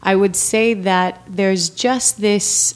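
A woman's voice: mid-range voice, steady tone, takes it slowly. A woman talking casually in an interview about mentoring girls, telling stories with frequent laughs and fillers. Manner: warm storyteller, laughs often, many fillers.

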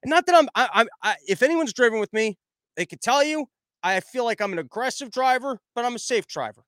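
A man's voice: extremely high pitch, a little fast, dry recording. A young man hosting a podcast, telling a rambling comic story and acting out the people in it. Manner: rambling, animated, acts out quoted voices. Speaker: podcast host. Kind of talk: casual comedic storytelling.

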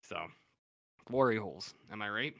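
A male podcast host chats loosely through an episode recap, often stopping to correct himself and cursing freely. His voice sits a little low but has a bright, forceful edge. The sound is dry and close to the mic. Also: animated, normal speed, gravelly, dry recording. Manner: rambling, self-correcting, profane. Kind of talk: casual chat recapping TV episodes.

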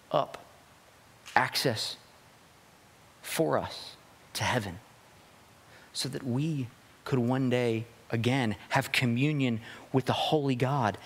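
A man's voice: medium pitch, big-room sound. A man pastor giving a sermon, reading scripture and preaching with emphatic rises and drops.

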